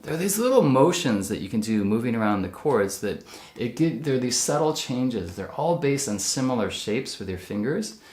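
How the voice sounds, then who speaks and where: Male ukulele teacher, mid-pitched, patient step-by-step delivery, echoey room, loud ukulele under the voice. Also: big pitch swings, moderate pace, music in the background. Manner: patient, explains step by step while playing. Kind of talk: instructional demonstration. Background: ukulele playing.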